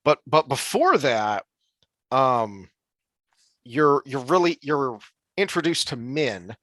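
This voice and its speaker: This co-host's medium-pitched voice has a sing-song lilt and a slight brightness, and he takes his time. In a dry recording, he chats loosely about a fantasy book series, rambling and full of restarts and fillers.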